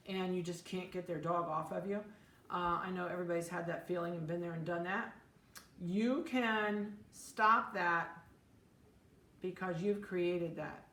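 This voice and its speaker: Middle-aged woman, mid-pitched, folksy and practical, talking through tips in a roomy space. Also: a bit bright. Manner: plainspoken, practical, chatty with fillers. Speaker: dog breeder. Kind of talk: casual instructional talk.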